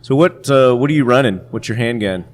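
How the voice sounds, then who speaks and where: A man's voice: medium pitch, brisk. A man hosting an interview podcast, asking questions and chiming in with short agreeing replies. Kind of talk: casual interview chat.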